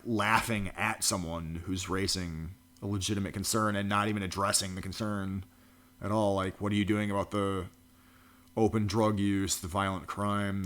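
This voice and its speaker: Male vlogger, somewhat low voice, sneering and profane, riffing over a news clip. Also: level tone, moderate pace, a bit bright. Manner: profane, mocking rant with frequent laughs. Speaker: political commentary vlogger. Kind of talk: reaction commentary.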